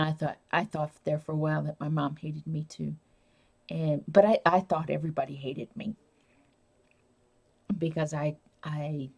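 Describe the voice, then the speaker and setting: Low gravelly-voiced woman streamer. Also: a little mellow. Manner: rambling, reads and answers viewer comments. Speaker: live-stream host. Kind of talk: casual live-stream chat.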